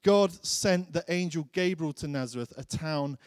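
Chatty preacher telling a story. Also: male voice, a little high, normal speed, smooth, no room sound, clean studio sound. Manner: chatty storyteller, acts out his own thoughts. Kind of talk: sermon with personal story.

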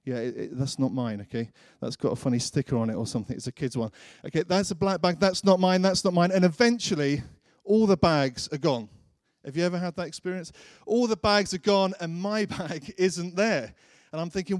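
A man's voice: high voice, brisk, hardly any pauses, a little mellow, no room sound, studio quality. A man preaching a sermon, telling a personal story in a chatty way and acting out his own thoughts.

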